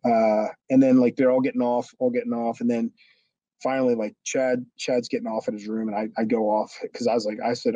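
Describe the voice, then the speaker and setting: A man's voice: medium pitch, little pitch movement, a little fast, darkish tone, dry recording, lo-fi sound. A man, a former wrestler, telling a long backstage story in a rambling way with many restarts. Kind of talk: storytelling interview.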